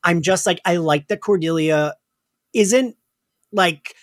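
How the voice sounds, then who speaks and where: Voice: medium pitch, slow pace, dry recording, clean studio sound. A podcast co-host in casual chat, rambling with lots of fillers and acting out quotes.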